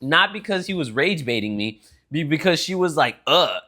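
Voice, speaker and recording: A man's voice: a little high, moderate pace. A young man co-hosting a podcast, telling stories in casual chat with lots of swearing and acting out other people's lines. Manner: animated storytelling with lots of swearing; acts out his dad's lines in quoted voices. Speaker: podcast co-host.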